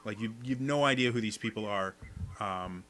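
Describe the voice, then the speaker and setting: A man's voice: on the low side, normal speed, fairly bright tone. A man narrating as game master of a tabletop game, describing scenes with many fillers.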